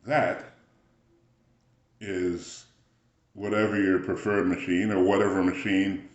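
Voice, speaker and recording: Brief: man, very deep voice, unhurried rambling spiritual talk, echoey room. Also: little pitch movement. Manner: rambling, musing, frequent throat-clearing.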